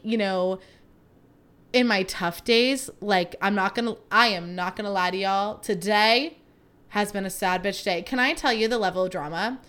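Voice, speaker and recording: A woman's voice: mid-range voice, a bit bright. Woman, thirties, solo podcast host, casual and dramatic, laughs easily. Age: 30s. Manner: chatty and dramatic, laughing between thoughts.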